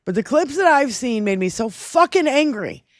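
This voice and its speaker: A woman's voice: sits high, moderate pace, dry recording, clean studio sound. Fiery profane woman podcast co-host. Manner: angry, profane, animated ranting. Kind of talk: casual political chat.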